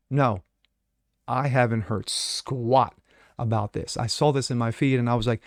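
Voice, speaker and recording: Male host, solo commentary; sarcastic, filler-heavy delivery, gravelly voice, close and dry. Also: medium pitch, moderate pace, no echo. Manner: blunt, sarcastic, many fillers. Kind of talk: solo commentary reading news and opining.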